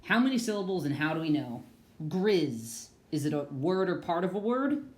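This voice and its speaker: A woman's voice: on the low side, big pitch swings, moderate pace, a little mellow, reverberant. A young woman teaching an online reading lesson to children in an upbeat, playful way, singing a few phrases.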